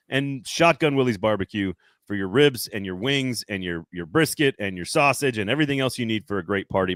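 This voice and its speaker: A man's voice: on the low side, fairly bright tone, no room sound. A man hosting a sports podcast, talking in a loose, rambling, jokey way. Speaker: podcast host. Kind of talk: casual sports talk.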